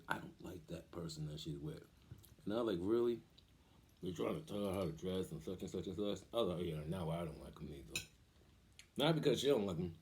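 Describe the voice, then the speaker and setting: A middle-aged man and father telling family stories in a casual, animated way, acting out the voices he quotes and laughing often. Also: on the low side. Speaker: vlogger, father. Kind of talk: casual storytelling.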